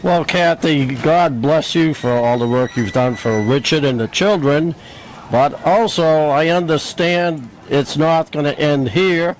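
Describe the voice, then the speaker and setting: A man hosting an event and thanking a volunteer in a warm, conversational way. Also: a little high, measured pace, a little hiss or hum, low-quality recording.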